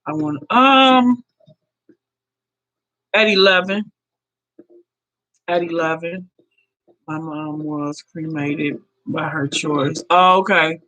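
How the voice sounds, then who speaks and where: A woman in her fifties hosts a casual livestream, speaking heartfelt and direct to her viewers and often repeating herself. Her voice sits low with a steady tone, slow with long pauses, pushed and bright, on a low-quality recording.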